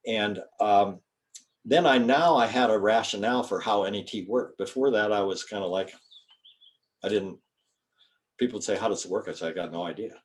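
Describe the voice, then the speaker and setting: Older man, low folksy lecturing voice. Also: normal speed, long pauses. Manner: folksy, rambling, spells out terms. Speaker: guest speaker, chiropractor. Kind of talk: informal lecture to students.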